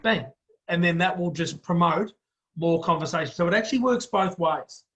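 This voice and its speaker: A man's voice: sits high, normal speed, a bit bright. An Australian man hosting a casual podcast chat, blunt and blokey, calling everyone mate. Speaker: host.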